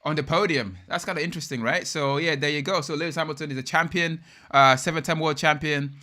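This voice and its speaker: A young man hosts a live watch-along of a race and reacts in an excitable, slangy way. His voice is bright and forward and sits a little high, and he keeps chatting straight to his viewers between reactions. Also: fast talker. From United Kingdom. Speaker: live stream host.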